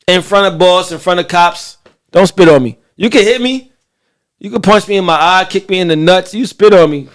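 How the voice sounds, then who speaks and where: A man with a high-pitched voice co-hosts a casual talk show. He tells stories loosely and profanely, with an animated delivery, and keeps tossing questions out to his audience. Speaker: podcast co-host.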